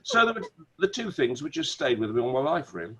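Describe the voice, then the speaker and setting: A middle-aged man with a Wolverhampton accent, a barrister, telling animated stories as a guest on a video call. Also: mid-range voice, fast talker, slight background noise, low-quality recording. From Wolverhampton, England. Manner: animated storyteller, many restarts. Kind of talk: conversational interview.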